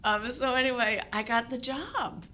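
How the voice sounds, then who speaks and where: A woman in her sixties, an actress telling stories from her career in a relaxed chat, laughing often. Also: fairly high pitch, normal speed, slight background noise. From United States. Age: 60s. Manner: animated storyteller, laughs often. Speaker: actress guest. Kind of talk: casual conversation.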